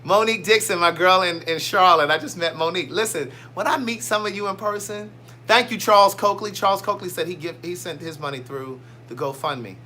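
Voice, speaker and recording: Chatty man with a bright high voice. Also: a little fast. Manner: chatty, reads out viewer comments, playful. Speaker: livestream host. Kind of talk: casual livestream chat.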